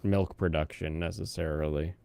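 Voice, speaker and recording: A man's voice: low-pitched, steady tone, normal speed, gravelly, mellow, no room sound. A man chatting casually on a live stream, rambling between topics and humming to himself.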